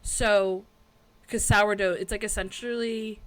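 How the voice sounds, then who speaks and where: Woman co-host, casual chatty podcast talk, mid-pitched, rambling delivery. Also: steady tone, a little slow. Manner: chatty, rambling with many fillers. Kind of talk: casual chat.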